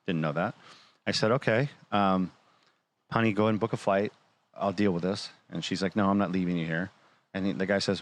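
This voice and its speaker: Low-pitched man, casual storyteller, acts out the dialogue, talk-show guest. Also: a little fast. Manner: animated, quotes others in dialogue.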